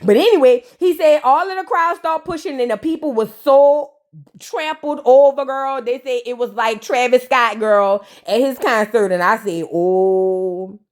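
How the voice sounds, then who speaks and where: A woman's voice: sits high, moderate pace. A woman hosting a casual comedic recap of a reality show, sassy and full of roasting jokes. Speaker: reality TV reviewer.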